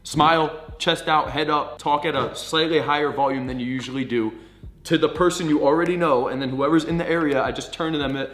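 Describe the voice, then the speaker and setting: A man's voice: a little high, lively intonation, brisk, a bit bright. A man coaching viewers on social confidence, in a blunt, profane, pep-talk manner. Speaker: dating coach. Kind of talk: direct-to-camera coaching monologue. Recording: echoey room.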